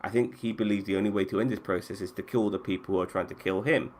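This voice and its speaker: A man with a fairly low voice hosts a relaxed talk about games. He swears easily and trips over his sentences, and there is a faint hiss behind him. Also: fast. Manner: casual, swears freely, restarts sentences. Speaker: podcast host. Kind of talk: casual chat about games.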